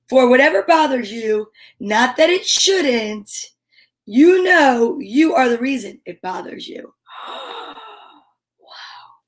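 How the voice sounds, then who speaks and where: A bubbly woman hosts a cheerful live stream, her voice pitched high and bright as she chats with viewers. She talks in exclamations, gasps in excitement and drops into whispers now and then. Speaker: storytime host.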